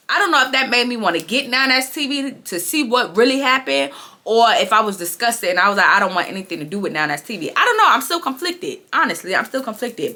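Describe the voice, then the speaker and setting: Animated young woman recapping with bright voice. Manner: animated storytelling, acting out quotes with big pitch jumps. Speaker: reality show recap vlogger. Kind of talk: casual recap commentary.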